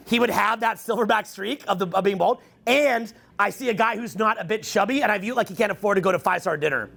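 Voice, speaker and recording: A man in his forties giving a crude, joking talk on stage to a live audience, rambling fast and breaking into mock voices and shouts. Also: high-pitched, gravelly. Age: 40s. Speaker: dating coach speaking to a live audience. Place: event hall with an audience.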